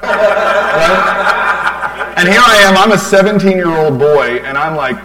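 A man in his forties speaks slowly in a high, sharp-toned voice, captured on a rough recording. Addressing a church crowd with a tribute, he shares a rambling personal testimony, heavy on fillers and side comments to listeners.

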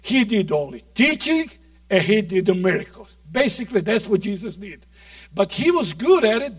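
High-voiced preacher with dramatic swings. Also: male voice, no echo, distant mic. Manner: dramatic, swings from shouts to near-whispers. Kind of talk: sermon.

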